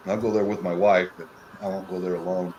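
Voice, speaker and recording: A man guesting on a stream, gruff and quick with a crude joke. His voice sits fairly low for a man. A faint hiss of background noise runs under his talk. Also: level tone, a little mellow, muffled recording. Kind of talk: casual chat.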